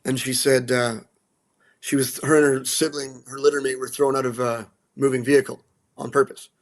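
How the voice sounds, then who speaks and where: Animated man telling a story. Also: medium pitch, moderate pace. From central Alberta, Canada. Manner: animated, blunt, swears, restarts and repeats words. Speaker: guest, musician and dog rescue advocate. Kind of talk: casual storytelling.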